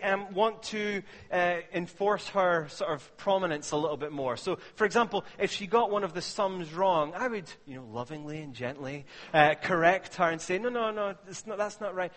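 A man's voice: high-pitched, fairly bright tone. Man preaching in a reverberant hall. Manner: conversational preaching with jokes and rhetorical questions. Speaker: pastor. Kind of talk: sermon.

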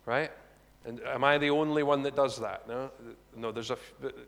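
A man giving a conversational sermon, animated and chatty, with asides to the congregation. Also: mid-range voice, normal speed. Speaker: preacher. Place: church hall. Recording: long reverb of a large hall.

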